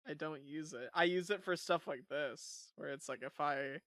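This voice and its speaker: A streamer talks over a video in live reaction commentary, with a bright, sharp tone up close on a dry mic. The talk rambles through fillers and spills into disbelieving giggles. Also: medium pitch, dry recording.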